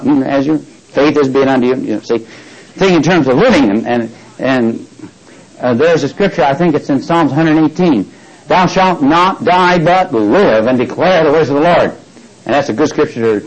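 A man's voice: mid-range voice, rough recording. A man preaching a sermon, retelling a scripture story, acting out its speakers and prompting the congregation to finish his lines, with frequent restarts.

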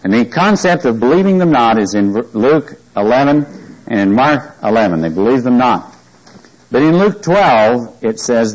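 A man's voice: mid-range voice, lively intonation, normal speed, poor audio. A man teaching a Bible class, reading scripture aloud and quizzing his listeners with questions.

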